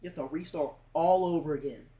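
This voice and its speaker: A man's voice: fairly high pitch, a little fast, mellow, low-quality recording. A man talking casually to his livestream chat, rambling with lots of "like" and repeated words, earnest and close to tears at times. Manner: rambling, heavy use of "like", repeats himself.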